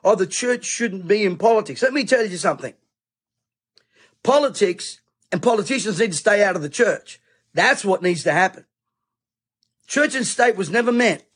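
A fiery man delivers an impassioned monologue straight to the viewer, hammering his points by repeating them. His voice sits high for a man and has a husky edge. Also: fairly bright tone. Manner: fiery, preachy, repeats phrases for emphasis. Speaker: preacher and online commentator. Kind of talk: impassioned direct-to-camera monologue.

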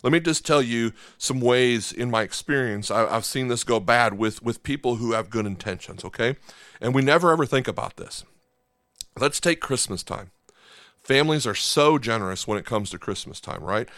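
A man's voice: medium pitch, moderate pace, fairly bright tone, no room sound, clean studio sound. A man, a pastor, preaching a conversational sermon and checking in with his listeners. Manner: conversational, asks the congregation for agreement.

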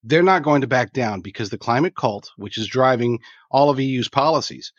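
A man's voice: medium pitch, animated, a little fast, no echo, dull audio. A man speaking as a guest commentator on a remote interview, making emphatic, opinionated points over a video call.

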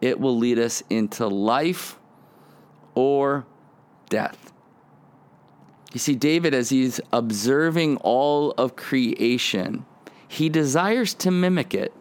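Slow and animated, with frequent pauses, a medium-pitched man teaches on the Psalms for his devotional podcast. The recording is clean, and his earnest, conversational delivery sometimes slips into acted-out prayers in quoted lines.

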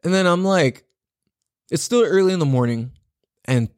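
Male podcast host, lively pitch, slightly high, swearing casual storyteller, dry close mic. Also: normal speed, clear, resonant tone, no echo. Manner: profane, rambling, animated storytelling. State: just back from a run.

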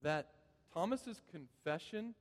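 High-pitched and expressive, a pastor preaches slowly and earnestly, repeating key phrases for emphasis. The church sanctuary lends the recording a long, hall-like reverb.

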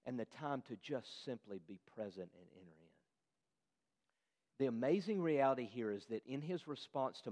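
A man's voice: on the high side, darkish tone. A man preaching a sermon in an earnest voice, asking his listeners questions as he explains the passage. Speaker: pastor. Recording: long hall reverb.

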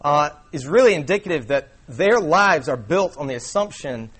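A man's voice: fairly high pitch, animated, moderate pace, fairly bright tone, slightly rough. A young man preaching a sermon to a congregation in a casual, conversational way with many fillers. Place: church before a congregation.

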